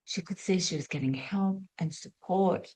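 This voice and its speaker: A middle-aged woman, a spiritual teacher and former nurse, telling stories as a lesson and asking rhetorical questions, moving between lively and hushed delivery. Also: fairly low pitch, normal speed, breathy edge. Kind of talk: storytelling teaching talk.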